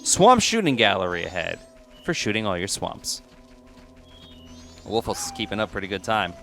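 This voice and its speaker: Lively joking let's play guy. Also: fairly low pitch, normal speed, vocal fry, faint music behind. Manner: jokey, chatty, talks to the game. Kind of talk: casual gameplay commentary.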